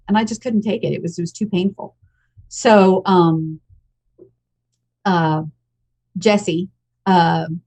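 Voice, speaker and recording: A woman's voice: lowish voice, darkish tone. An American woman in her fifties, a podcast guest telling her own story in a frank, emotional and blunt way. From United States. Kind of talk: candid personal storytelling.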